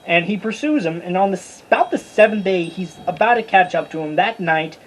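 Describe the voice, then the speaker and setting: A Bible study teacher giving a casual, informal lesson, chatty and stumbling over hard names, with a husky voice. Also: mid-range voice, animated, brisk, a little hiss or hum, poor audio.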